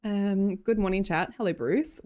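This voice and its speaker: A woman's voice: mid-range voice, moderate pace, mellow. An Australian woman chatting casually and rambling with her live viewers from her home streaming room, laughing often. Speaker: livestreamer.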